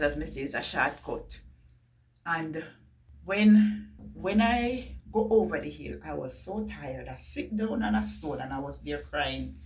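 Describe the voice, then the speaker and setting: A woman's voice: low-pitched, distant mic. A woman with a Jamaican accent telling viewers a personal story in an emotional, earnest way, often speaking straight to them.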